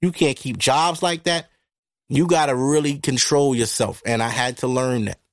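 A man hosting a podcast, talking through a casual monologue into a microphone in a blunt, profane, animated way. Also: medium pitch, normal speed, no room sound, clean studio sound. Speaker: podcast host. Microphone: studio microphone.

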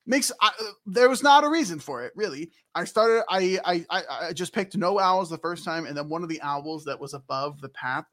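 Animated high-voiced man recapping a game. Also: normal speed. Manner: animated, jokey, acts out characters in silly voices. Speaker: podcast co-host recapping a video game. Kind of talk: casual recap chat.

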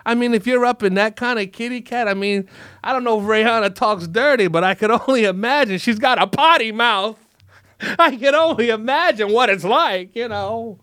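Bright, high-voiced joking man. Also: clean tone, no echo, clean studio sound. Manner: crude, rambling, mock-dramatic joking. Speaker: podcast host. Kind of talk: comedic podcast chat.

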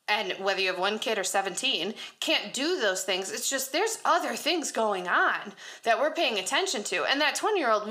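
A woman co-hosting a podcast, chatting casually in an animated way and laughing often. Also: on the high side. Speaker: podcast co-host. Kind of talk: casual chat.

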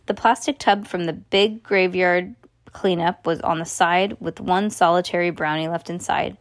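A woman reading a children's novel aloud in the first person, pausing to explain bits to a listener. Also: lowish voice, no echo, clean studio sound. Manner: expressive, stops to explain to a listener. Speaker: storyteller.

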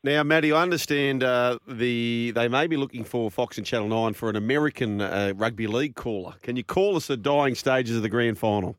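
A man's voice: medium pitch, dry recording, clean studio sound. A man with an Australian accent hosting a sports radio show, breezy, giving tips and wrapping up segments. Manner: breezy, quick wrap-ups and tips. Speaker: radio host.

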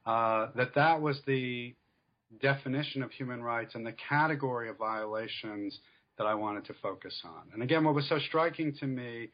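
Measured male scholar with a dull, lo-fi sound. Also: mid-range voice. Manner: measured, explanatory, many fillers. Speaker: author and scholar guest. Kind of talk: academic interview.

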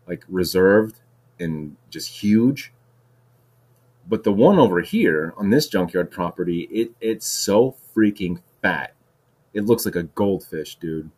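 Laid-back guy rambling on his podcast, lowish voice, lots of likes and dudes. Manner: rambling, heavy use of "like" and "dude"; restarts and repeats words. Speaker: podcast host. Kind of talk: casual solo monologue.

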